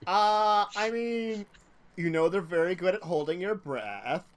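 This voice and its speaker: A man's voice: high-pitched, expressive, a little slow. A man narrating as game master of a tabletop game, chuckling between descriptions.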